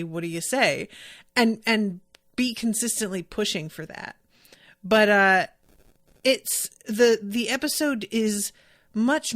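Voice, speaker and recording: A woman's voice: medium pitch, no echo. Chatty woman recapping an episode, dry sound. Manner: chatty, rambling, self-correcting, quoting scenes. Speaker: podcast host.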